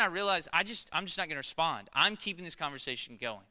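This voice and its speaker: A man in his thirties preaching a sermon in a conversational storytelling way, swinging between loud bursts and hushed passages. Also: fairly high pitch, animated, quick pace, hardly any pauses. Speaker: pastor.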